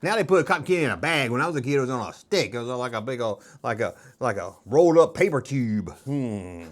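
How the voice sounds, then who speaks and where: A man's voice: mid-range voice, lively intonation, quick pace. A middle-aged man hosting a casual show-and-tell vlog, rambling with jokes and nostalgic asides. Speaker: toy collector host.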